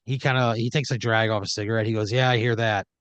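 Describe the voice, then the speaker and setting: Fast and fairly low-pitched, this man's voice is smooth, a bit bright, and evenly intoned, in a dry recording. He hosts a comedy podcast, improvising a rambling second-person story thick with fillers and occasional quoted voices.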